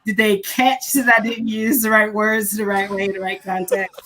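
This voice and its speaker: A woman guest speaker and educator, telling stories in a casual chat, animated and quick to laugh at herself. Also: mid-range voice. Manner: animated, laughing, self-deprecating.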